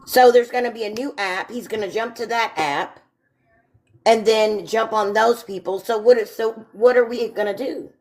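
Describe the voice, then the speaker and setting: A woman's voice: on the high side, normal speed, darkish tone. A woman co-hosting a casual talk show, emphatic and repeating herself when worked up. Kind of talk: casual chat.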